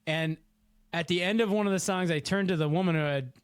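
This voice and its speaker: A man's voice: high voice, a little fast, clean tone, no echo, clean studio sound. A man co-hosting a comedy podcast, telling a rambling story in casual chat, laughing often and humming tunes. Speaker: podcast co-host.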